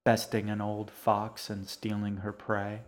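A man's voice: on the low side, completely flat delivery, a little slow, natural voice. A man voicing a menacing, falsely smiling man who coaxes and threatens a boy in an audiobook reading. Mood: sly. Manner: cold, coaxing, threatening.

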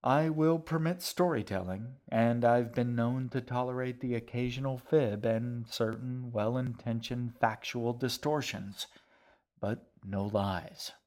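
A man's voice: mid-range voice, unhurried, a little mellow, lightly acted. A man reading an audiobook voices a shaggy, whimsical host who talks in a wry, mocking, theatrical way.

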